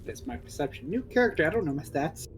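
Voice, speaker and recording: A man's voice: a little high, very animated, fast talker, slight background noise, rough recording. A man playing a tabletop game, casually and eagerly announcing what his character does. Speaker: player.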